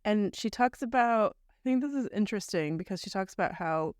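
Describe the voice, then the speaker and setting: Recounting a story in long conversational chains, a female podcast co-host talks bluntly and swears a little. Her medium-pitched voice is expressive, brisk, and darkish yet clean in tone. The studio sound is clean, with no room sound at all.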